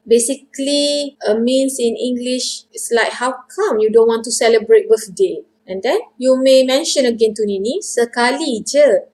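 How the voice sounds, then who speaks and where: A woman's voice: fairly high pitch, a little mellow, low-quality recording. A woman whose first language is Malay, teaching conversational phrases in English, explaining each word and repeating example sentences. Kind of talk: casual spoken lesson.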